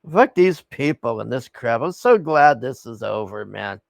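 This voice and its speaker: A man's voice: mid-range voice, big pitch swings, takes it slowly, vocal fry, no room sound. A man reacting to a video in a casual, scoffing, profane rant.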